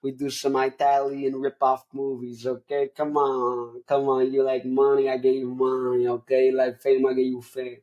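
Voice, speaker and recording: A man's voice: mid-range voice, completely flat delivery, normal speed, few pauses, a little mellow, muffled recording, close to an everyday voice. A man voicing a brash, pushy male movie producer with a wheedling hustler's patter.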